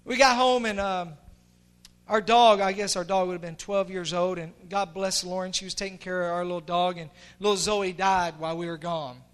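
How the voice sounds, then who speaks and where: Middle-aged pastor guy preaching, really high voice, gets quiet then yells, all fired up. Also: fairly even intonation, moderate pace, clean tone. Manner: impassioned, swinging from hushed to shouting. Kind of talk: sermon.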